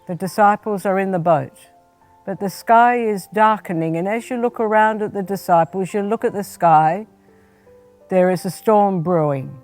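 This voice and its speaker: A woman, a spiritual director, gently leading a guided prayer meditation and speaking straight to the listener. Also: medium pitch, faint music behind. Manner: gentle, unhurried, second-person guidance.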